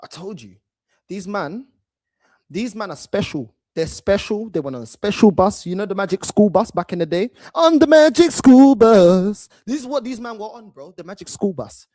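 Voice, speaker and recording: A man's voice: sits high, moderate pace. A man hosting a fan channel and mocking a video in heated, slangy reaction commentary. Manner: mocking, loud and animated, slangy, repeats "bro".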